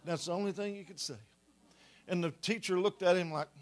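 A middle-aged man preaching a sermon, telling a story with rising, animated delivery. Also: high-pitched, a little fast.

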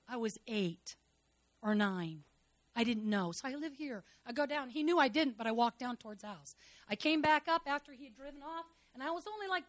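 A woman in her fifties giving a personal testimony in church, telling stories dramatically and swinging between soft and loud. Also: high-pitched, no echo.

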